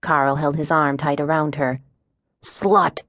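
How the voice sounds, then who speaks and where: Low-voiced woman narrating an audiobook. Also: moderate pace, dry recording, clean studio sound. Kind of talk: scripted first-person narration.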